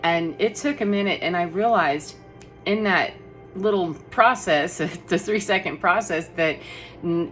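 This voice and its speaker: A middle-aged woman with a fairly low, slightly bright voice rambles casually through a personal story, laughing often between fillers. She is an energy healer who vlogs.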